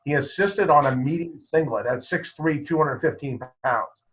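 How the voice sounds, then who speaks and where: Husky-voiced man telling coaching stories. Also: fairly high pitch, moderate pace. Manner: animated anecdote-telling with quoted dialogue. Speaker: wrestling coach, guest. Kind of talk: casual storytelling interview. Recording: muffled lo-fi podcast audio.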